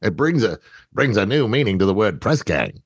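A man's voice: lowish voice, very animated, moderate pace, husky, no echo. A man co-hosting a podcast, talking about movies in a dry, teasing, laid-back way. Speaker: podcast co-host. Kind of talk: casual movie-review chat.

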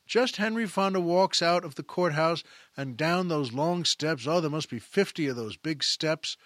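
A man retelling a film scene as a story, animated, acting out the characters' quoted lines. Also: a little high, normal speed, no room sound. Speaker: film commentator.

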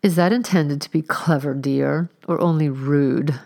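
Coy, showy lady lodger, read by a woman, gushing and touchy, low voice with fry. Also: measured pace, dark tone.

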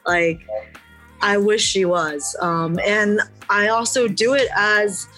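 A woman's voice: mid-range voice, fairly even intonation, slow pace, a bit bright, faint music behind, rough recording. A woman wrestler speaking earnestly and bluntly as a guest in an interview, reflecting on where she came from. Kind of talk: candid interview talk.

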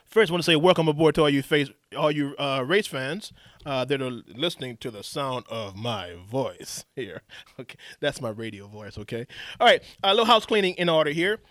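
A man's voice: medium pitch, lively intonation, moderate pace, fairly bright tone, no room sound, studio quality. A man hosting a live radio talk show, rambling with showman flair, restarts and chuckles. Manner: loose, rambling, laughs and restarts often.

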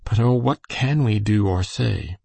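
A man voicing a kind, anxious minister's wife who asks eager, quick questions. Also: lowish voice, vocal fry, a little mellow, slightly rough, dry recording, heavily acted.

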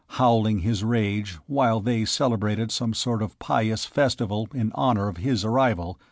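Reading from a script, a fairly low-pitched man narrates an audiobook in a calm, measured manner. The audio is studio quality, free of echo.

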